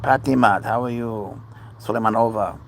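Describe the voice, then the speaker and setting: A man's voice: on the low side, normal speed, slight background noise, low-quality recording. A man hosting a casual livestream, rambling as he talks to his cats and answers viewers' chat. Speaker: livestream host.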